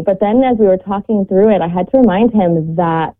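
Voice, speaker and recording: A woman's voice: medium pitch, a little fast. Earnest woman guest over a phone line. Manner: earnest, heartfelt, quotes scripture. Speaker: guest mother and podcaster. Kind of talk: reflective faith talk.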